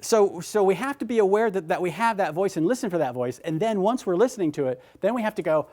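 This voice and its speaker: A man giving a motivational talk, animated and emphatic, often repeating his words. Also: sits high, quick pace, hardly any pauses. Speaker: motivational speaker.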